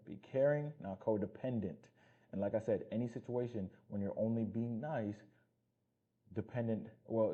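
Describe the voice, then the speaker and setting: A fitness coach giving blunt, profane motivational talk in a casual vlog. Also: male voice, lowish voice, dark tone, breathy edge, dull audio.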